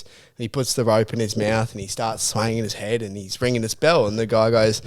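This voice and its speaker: A man's voice: on the low side, steady tone, brisk, few pauses. A young Australian man co-hosting a casual podcast, telling a long joke loosely and laughing at it himself. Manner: laughs at his own jokes, loose storytelling. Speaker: podcast co-host.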